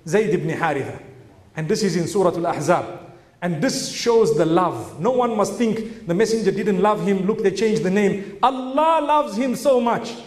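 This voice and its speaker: A man with a high voice delivers an Islamic religious lecture, earnest and explanatory, breaking into exclamations as he makes his points. His voice rings through an echoey room. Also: darkish tone.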